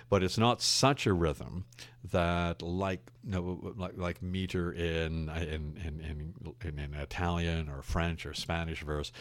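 Older male ex-teacher, very low voice, dry close sound, reflective and wry. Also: no echo. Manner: thoughtful, wry, digressive storyteller. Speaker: retired English teacher. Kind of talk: reflective conversation.

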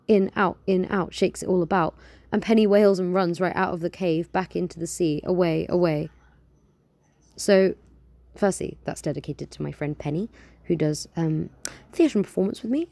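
A woman's voice: on the low side, dark tone, no room sound. A young woman hosting her show, chatting casually and reading her own poems aloud in a rambling, playful way. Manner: rambling, filler-heavy, playful. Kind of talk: casual chat and poetry reading.

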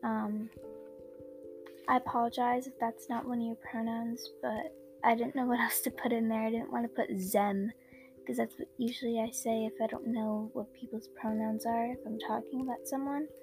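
A woman's voice: on the high side, flat delivery, moderate pace, a little mellow, soft background music. A woman hosting a fan fiction podcast, chatting casually with many fillers, tired after a sleepless night, on an old cheap microphone. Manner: chatty, filler-heavy, apologetic. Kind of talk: casual chat and story reading. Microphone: old low-quality microphone.

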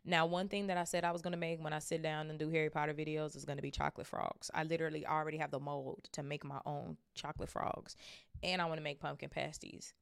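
A young woman reads a novel aloud for her book club podcast and keeps drifting into chatty asides, swearing casually as she goes. Her voice is deep and full of vocal fry. The recording is close and dry. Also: flat delivery, quick pace, dry recording.

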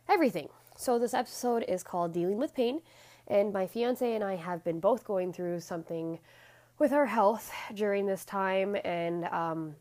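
A woman hosting her own podcast in a casual solo chat, with a raspy, stuffy-nosed voice, rambling with lots of ums and restarts. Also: lowish voice, mellow. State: out of breath at times. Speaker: podcast host.

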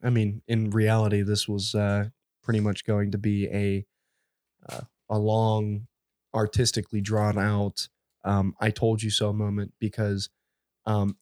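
A man co-hosting a casual podcast, excitable and rambling, laughing often and restarting his sentences. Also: lowish voice, no echo, studio quality. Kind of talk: casual chat.

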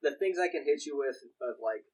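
Husky young man rambling about a film. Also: medium pitch, animated, a little fast, a little mellow, highs cut off. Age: young adult. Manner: rambling with many restarts and quoted asides. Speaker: podcast co-host. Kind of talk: casual film chat.

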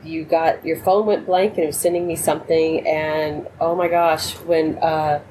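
Low-voiced woman gushing in spiritual chat. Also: level tone, normal speed, warm tone, slight background noise, rough recording. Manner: emotional, gushing, rambling. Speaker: co-host. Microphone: remote call.

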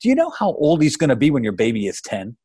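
A defensive young adult daughter, insistent and quick to push back, as a male reader puts her on. The voice is lifted and slightly husky. It sounds dry and close to the mic. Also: medium pitch, wildly swooping pitch, mellow, no room sound, voice pushed up.

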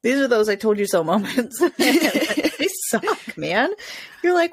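A woman's voice: on the high side, big pitch swings, unhurried, husky, no room sound, clean studio sound. A young woman co-hosting a casual parenting chat, venting and laughing often. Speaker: podcast co-host.

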